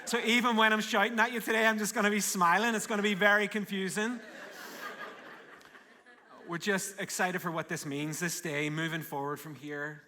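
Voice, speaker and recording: Northern Irish male pastor, bright, forceful voice, energetic and jokey from the pulpit. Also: on the high side. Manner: warm, joking and energetic. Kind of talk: live sermon. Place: large church auditorium.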